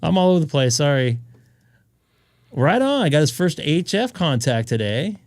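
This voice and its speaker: A man's voice: a little high, sing-song, normal speed, a little mellow, no echo. A man hosting a ham radio live stream, chatting in a rambling, jokey way and laughing often. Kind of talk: casual chat on a live stream.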